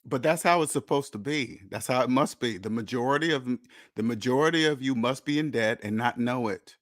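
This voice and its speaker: A man's voice: mid-range voice, a little fast, dry recording. Blunt lecturing man, dry close sound. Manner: blunt, lecturing, repeats points for emphasis. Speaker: host. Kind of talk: casual monologue.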